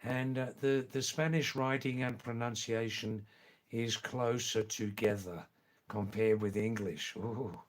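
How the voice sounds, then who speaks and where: A man's voice: medium pitch, steady tone, measured pace. A man live streaming, chatting in a rambling way and answering viewers by name.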